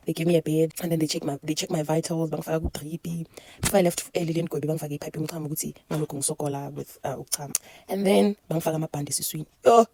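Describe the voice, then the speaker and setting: South African woman, casual storyteller, husky, brisk delivery. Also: low-pitched, no echo. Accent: South African, Zulu-mixed English. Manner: animated, code-switching, laughing through a birth story. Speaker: vlogger.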